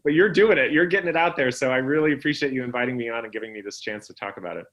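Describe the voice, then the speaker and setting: A man who works as an anthropologist, a guest on an interview, explaining his ideas in a measured, thoughtful way. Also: mid-range voice, fairly bright tone, a little hiss or hum. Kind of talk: conversational interview.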